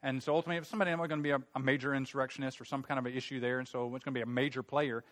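A man preaching a sermon, retelling a Bible story in a conversational, animated way. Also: medium pitch, very fast.

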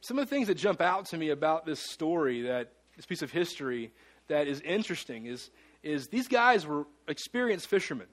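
A man preaches to his congregation with earnest conviction. His voice sits fairly high, and he slows down and pauses for emphasis. He sounds like a pastor speaking from the front of a church. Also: very animated. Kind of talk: sermon. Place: church sanctuary.

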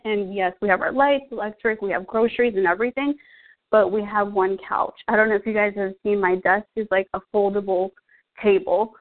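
A young woman sharing her personal story as a fitness coach, earnest and emotional, full of "like" and "um". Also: mid-range voice. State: out of breath. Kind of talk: personal testimonial. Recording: tinny phone-like audio.

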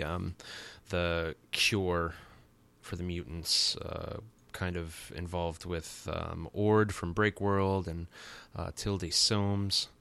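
A low-pitched man hosts a podcast in a loose, rambling recap style. His tone is forceful and crisp, with wry, sarcastic asides. The recording is close and dry. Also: dry recording. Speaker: podcast host. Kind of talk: casual comic recap.

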